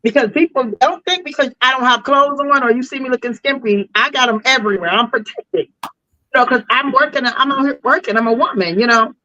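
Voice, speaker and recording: A woman's voice: sits high, a little fast, no echo, highs cut off. A woman, a delivery driver guest on a podcast, telling a story casually and animatedly with slang. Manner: animated, slangy, acts out voices.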